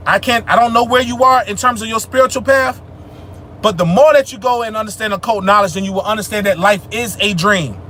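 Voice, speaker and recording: A young man with a high, bright, forceful voice fields viewer questions on a livestream. He talks loose and profane, slips into street slang, and turns emphatic and preachy when he makes a point. A faint hum of traffic sits low behind him. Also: brisk. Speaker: livestream host answering chat. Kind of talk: casual spiritual livestream Q&A.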